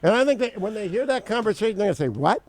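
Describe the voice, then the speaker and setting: A man hosting a political talk radio show, briskly laying out his opinions point by point into a studio mic. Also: high-pitched, lively intonation.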